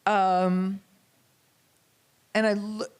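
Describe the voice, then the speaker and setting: A woman's voice: mid-range voice, little pitch movement, very slow, darkish tone. Reflective American woman curator. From United States. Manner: reflective, thinks aloud with fillers and restarts. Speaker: curator and writer, guest. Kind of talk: conversational interview talk.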